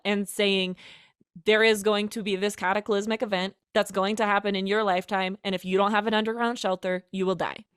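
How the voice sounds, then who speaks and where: A woman's voice: medium pitch, fairly bright tone, clear, resonant tone, dry recording, clean studio sound. A woman co-hosting a casual podcast chat, talking freely with fillers and frequent laughter. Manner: chatty, laughs often, many fillers. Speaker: podcast co-host.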